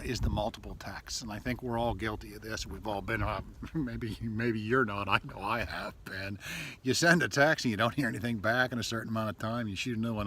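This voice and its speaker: A man's voice: fairly low pitch, a bit bright, a little hiss or hum. A man giving relationship advice as a coach, talking loosely with fillers and acting out sample texts. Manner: conversational, loose, with frequent fillers and acted-out text examples. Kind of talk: casual advice video to camera.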